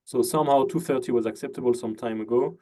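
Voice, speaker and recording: A man with a mellow, mid-range voice talks fast while hosting a casual interview on a video call. He's laid-back, sprinkling in "uh" and "you know," and poses leading questions.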